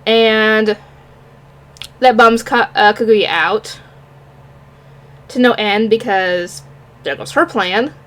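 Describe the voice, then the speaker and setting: A woman's voice: a little high, slow pace, long pauses, fairly bright tone. A woman talking casually on her own about an anime episode, rambling and often stopping to search for names. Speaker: anime reviewer. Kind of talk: casual solo review.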